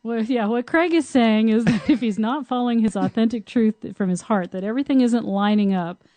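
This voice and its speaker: A woman's voice: a little high, brisk, dark tone, no echo. A woman co-hosting a podcast who talks frankly and laughs often in casual conversation. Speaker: podcast co-host, tantra teacher.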